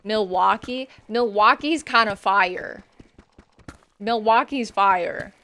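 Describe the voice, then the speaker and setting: Woman streamer, casual rambling gaming chat, bright tone, gravelly fry. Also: medium pitch, takes it slowly. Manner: rambling, chatting with viewers while playing.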